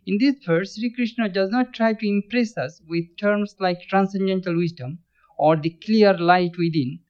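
A man teaching scripture as a swami, giving a measured spiritual talk and often restarting his words. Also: high-pitched, a little mellow. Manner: measured, thoughtful pacing with frequent restarts. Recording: dull lo-fi recording.

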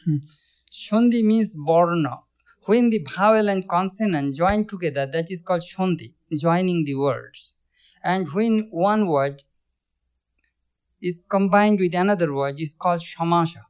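A man teaching scripture as a swami, giving a measured spiritual talk and often restarting his words. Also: high-pitched. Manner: measured, thoughtful pacing with frequent restarts. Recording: dull lo-fi recording.

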